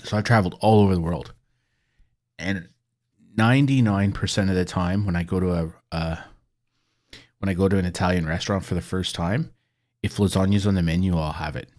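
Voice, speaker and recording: A man's voice: low voice, fairly even intonation, fairly quick, long pauses, a little mellow. A middle-aged man chatting casually and rambling while gaming, swearing freely as he goes. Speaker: gaming video creator.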